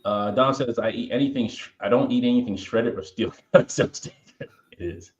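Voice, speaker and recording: A man's voice: medium pitch, moderate pace, muffled recording. A man hosting a podcast, chatting casually and reading viewer comments aloud with a playful, joking manner. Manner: animated and playful, breaks into song and jokes. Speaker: podcast host reading live chat. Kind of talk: casual chat.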